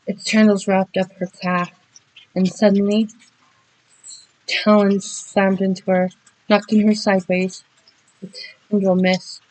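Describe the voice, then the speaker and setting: A woman's voice: medium pitch, little pitch movement, a little slow, long pauses, a little mellow, no echo, poor audio. Dramatic woman reading a horror story.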